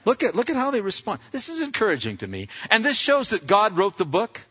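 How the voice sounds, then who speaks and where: A male pastor preaches with big swings in pitch and a bright, forceful tone, acting out scenes and quizzing his listeners. His voice sits a little high. It rings out in a reverberant church hall on a dull, lo-fi recording. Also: fairly quick, slightly rough. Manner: animated, acts out scenes, asks the audience questions. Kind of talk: sermon. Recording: echoey hall, dull lo-fi sound.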